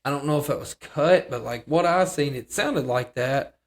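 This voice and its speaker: A man's voice: a little high, normal speed. A man co-hosting a casual podcast chat, rambling and hedging with many restarts. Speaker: podcast co-host.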